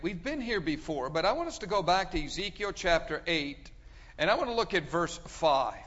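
A man preaching a sermon, emphatic, pushing his voice up loud and dropping it low. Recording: dull sound with long hall reverb.

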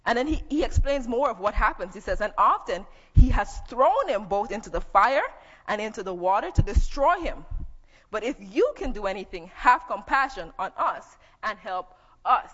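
A woman's voice: a little high, very animated, normal speed, muffled recording. Woman preaching in an echoey hall. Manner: conversational Bible teaching, reading scripture aloud. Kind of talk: sermon.

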